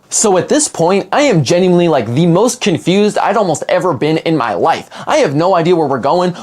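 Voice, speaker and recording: Young guy telling a wild story, voice jumping all over, says like a lot. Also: high-pitched. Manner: animated, rambling, heavy use of "like". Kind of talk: casual storytime narration.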